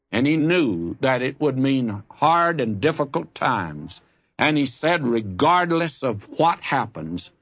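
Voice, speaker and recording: A man's voice: mid-range voice, dry recording, dull audio. A man preaching a sermon, telling a personal story in a folksy, earnest way and rising to fervent appeals to his listeners. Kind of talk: radio Bible sermon.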